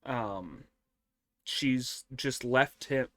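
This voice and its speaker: A man recaps a cartoon episode at a slow, unhurried pace, rambling through fillers and casual swearing. His voice sits at a mid pitch and sounds dry and close, with little room echo. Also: pushed and bright. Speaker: host of an anime review show.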